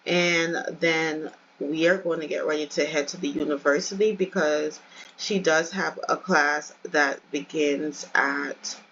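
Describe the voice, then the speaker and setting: A woman's voice: deep voice, a bit bright, dull audio, a little hiss or hum. Chatty woman narrating a life-sim game. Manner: chatty, addresses viewers as y'all. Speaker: let's play host. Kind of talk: casual game commentary.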